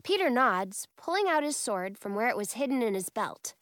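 A woman narrates a first-person children's storybook and brings every character to life. Her voice is high and lively, and she reads slowly. The sound is close and dry. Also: no room sound. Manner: expressive, playing every character.

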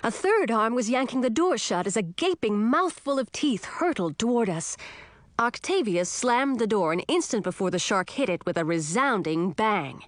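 A woman giving scripted first-person narration of a children's story in a clear, even storytelling manner. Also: fairly high pitch, normal speed, no echo, studio quality. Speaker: audiobook narrator.

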